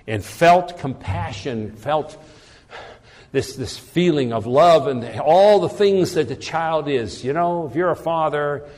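A man's voice: a little high, expressive, slow pace, darkish tone, in a large hall. A man preaching a sermon in an earnest way, often repeating words as he searches for the phrasing.

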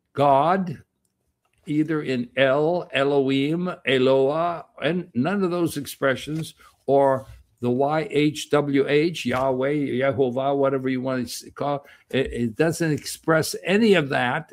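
A man's voice: a little high, a little mellow. An older man giving an informal, rambling Bible lecture, acting out the quoted voices in a folksy way. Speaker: Bible teacher.

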